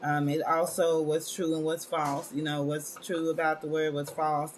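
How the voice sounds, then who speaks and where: A woman's voice: sits low, little pitch movement, moderate pace, slight background noise. A woman hosting a wellness live stream in casual chat, scattered and talkative, calling her viewers y'all. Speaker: wellness show host.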